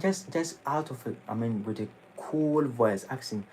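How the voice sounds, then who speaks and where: A man's voice: medium pitch, unhurried, a little mellow, slight background noise, rough recording. Man preaching. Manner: dramatic, shifting into mocking acted quotes. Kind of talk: sermon. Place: temple hall.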